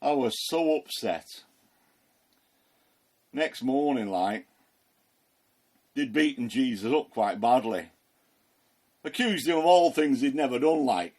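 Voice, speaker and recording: A man's voice: medium pitch, lively intonation, takes it slowly, pauses often, darkish tone. A man playing the apostle Peter, retelling the story in a chatty, folksy voice full of fillers. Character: the apostle Peter, plain-spoken working fisherman. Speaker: Christian ministry performer. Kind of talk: first-person storytelling monologue.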